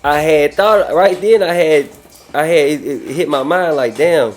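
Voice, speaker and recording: Animated laughing man telling stories. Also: on the high side, a little slow, soft background music. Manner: animated, laughing often, swears freely. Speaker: podcast guest. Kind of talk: casual storytelling.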